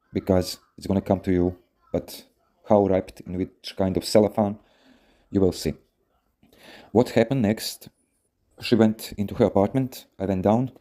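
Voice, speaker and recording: Low, dark-voiced man rambling with fillers. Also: steady tone, moderate pace, pauses often. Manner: rambling, many fillers, frequent swearing. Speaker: podcast host. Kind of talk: casual storytelling advice podcast.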